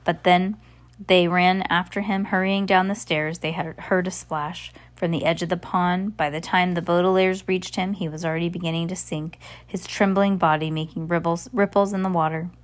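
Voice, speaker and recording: Brief: woman reading a novel aloud, lowish voice, frequent slips and restarts. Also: fairly even intonation, moderate pace. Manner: stumbles and restarts often. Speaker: audiobook reader.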